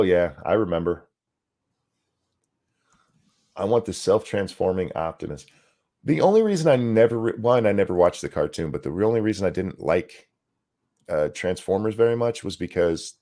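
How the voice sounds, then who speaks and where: A man co-hosting a casual podcast chat, animated and profane, tripping over words as he reads viewer comments aloud. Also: lowish voice, normal speed. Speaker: co-host.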